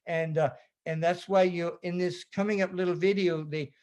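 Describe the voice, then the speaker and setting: A man giving a storytelling talk over a video call, animated and rambling, often chuckling as he goes. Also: sits high, moderate pace. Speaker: sailor giving a presentation.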